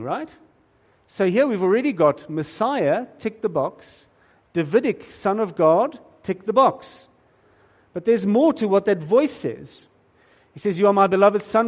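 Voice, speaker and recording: A man's voice: high voice, a little mellow. A man preaching a sermon in an earnest, emphatic way, often repeating words as he starts a thought. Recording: long hall reverb.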